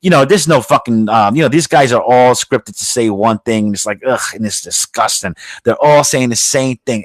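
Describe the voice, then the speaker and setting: A man's voice: medium pitch, brisk, few pauses, no echo. A man hosting a podcast, delivering a heated political rant that is full of swearing and rambling restarts. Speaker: podcast host.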